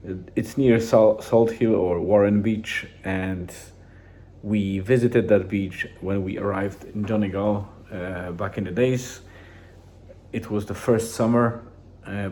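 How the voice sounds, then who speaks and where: Low, dark-voiced man rambling casually. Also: a little hiss or hum. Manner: rambling, relaxed, with many restarts and fillers. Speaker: vlogger. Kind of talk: casual daily journal vlog.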